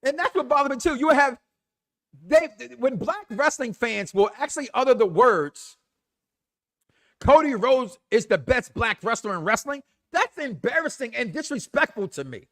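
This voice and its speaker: A man's voice: very high voice, moderate pace. A man hosting a wrestling talk show, giving an impassioned commentary rant that is emphatic and full of repetition. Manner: animated, emphatic, repeats himself.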